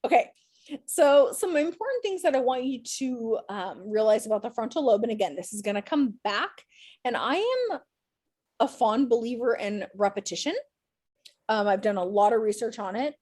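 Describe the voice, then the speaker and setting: A woman's voice: medium pitch, a little mellow. A woman teaching an online class over a video call, chatty and encouraging, her voice tired after a day of teaching. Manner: chatty, encouraging, upbeat with students.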